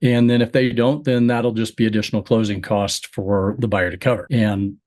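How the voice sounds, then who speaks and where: A man on a group call, a real estate agent, calmly explaining how he handles his fees with buyers. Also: lowish voice, moderate pace.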